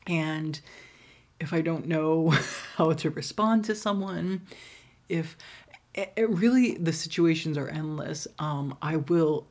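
A woman's voice: low voice, gravelly, a little mellow. A woman hosting her own podcast alone, talking frankly and casually, swearing freely and laughing often. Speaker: podcast host. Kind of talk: candid solo podcast monologue.

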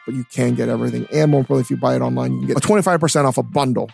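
A man co-hosting a podcast in casual, rambling chat, swearing freely and reading product plugs at a quick clip. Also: medium pitch, creaky, a little mellow, slightly rough. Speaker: podcast co-host.

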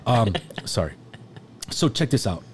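A man's voice: medium pitch, big pitch swings, measured pace, a little hiss or hum. A man in casual podcast chat, telling rambling, profane stories and acting out quoted voices.

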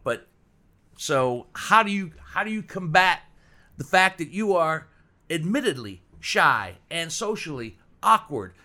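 Bright-voiced rambling interviewer. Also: male voice, a little high, big pitch swings. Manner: rambling, repeats words, draws out questions slowly. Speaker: podcast host. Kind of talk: interview questioning.

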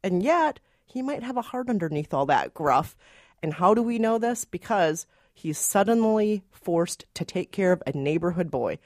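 A woman's voice: on the low side, lively intonation, moderate pace, dry recording, clean studio sound. A woman co-hosting a movie review podcast, talking casually and laughing easily. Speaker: podcast co-host, film critic.

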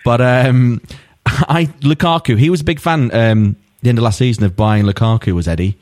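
A man's voice: medium pitch, normal speed, a little mellow. A man hosting a football podcast, asking his guests questions and joking around. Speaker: podcast host. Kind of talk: casual football chat.

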